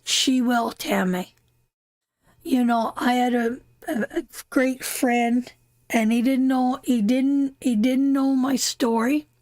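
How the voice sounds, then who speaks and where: A woman's voice: high-pitched, fairly even intonation, takes it slowly, darkish tone, dry recording. A middle-aged woman from Canada giving a live tarot reading, emotional and heartfelt, repeating phrases for emphasis. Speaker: tarot reader hosting a live stream.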